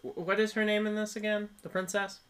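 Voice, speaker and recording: A man with a bright, forceful and slightly high voice recaps a movie for his podcast co-host. He tells the story in an animated way and breaks into laughter often. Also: fairly quick. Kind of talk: casual film review chat.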